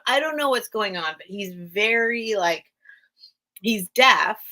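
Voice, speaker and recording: Casting note: American woman, livestream sale host, bright forceful tone, chatty and rambling. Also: medium pitch. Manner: rambling, chatty, laughs often. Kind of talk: casual livestream chat.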